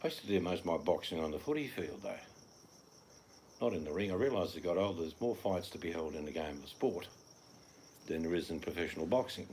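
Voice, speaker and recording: A man's voice: deep voice, animated, quick pace, darkish tone, a little hiss or hum. An older man with an Australian accent, hosting a casual live chat from home and reading out comments, talking in a blunt, rambling way with the odd swear. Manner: blunt, chatty, swears offhandedly. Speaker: livestream host reading chat. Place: at home in the evening.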